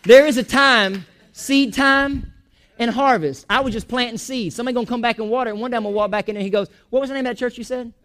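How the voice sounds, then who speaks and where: Pastor guy preaching in church, really high voice, jokey, all over the place. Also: fast. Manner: animated, preaching with jokes and asides. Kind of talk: sermon.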